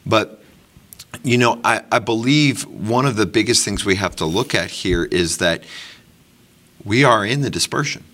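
A man with a low voice leads a congregation discussion in a sermon style. He builds from measured talk into emphatic, pressing exhortation. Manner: emphatic, rising to forceful exhortation. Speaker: congregation teacher.

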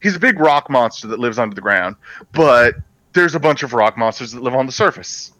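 A man co-hosting a casual movie podcast, his voice bright and forward. He sounds close and dry, with no room around him. He rambles eagerly and often restarts his sentences. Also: medium pitch, expressive, brisk, no echo, rough recording. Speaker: podcast co-host.

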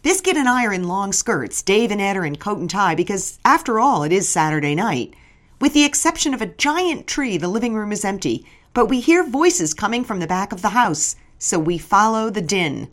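A woman's voice: mid-range voice, very animated, moderate pace. A middle-aged woman narrating her memoir in a wry, storytelling manner.

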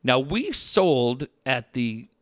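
A man's voice: medium pitch, drawn-out words, dry recording, studio quality. A man telling stories in a casual chat, swearing often and acting out the people he quotes. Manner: profane, animated, acts out quoted people.

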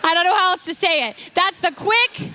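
Bright high-voiced woman pastor preaching. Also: moderate pace, slight background noise. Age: young adult. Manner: lively storytelling with acted dialogue and restarts. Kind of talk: sermon.

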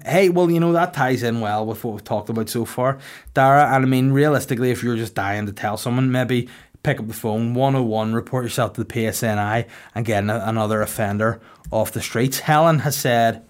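A man in his thirties with a Northern Irish accent, hosting a podcast with crude, deadpan comic storytelling. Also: mid-range voice, brisk. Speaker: podcast host. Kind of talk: casual comedic podcast chat.

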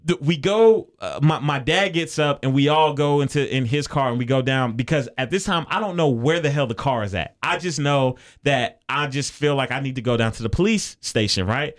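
A man's voice: medium pitch, moderate pace, few pauses. A man co-hosting a podcast, telling a story in a casual way and acting out the people he quotes. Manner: animated, acts out the people he quotes. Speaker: podcast co-host.

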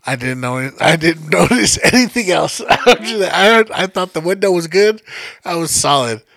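Gravelly, bright-voiced young man telling stories. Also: on the high side, normal speed, dry recording. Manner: profane, laughing, animated storytelling. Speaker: storyteller in a casual podcast-style chat. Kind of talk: casual chat.

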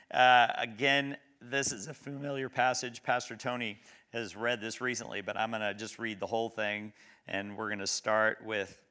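A man preaching a sermon, reading scripture slowly and emphatically, then talking conversationally and asking the congregation questions. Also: mid-range voice, bright, forceful tone, smooth. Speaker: pastor.

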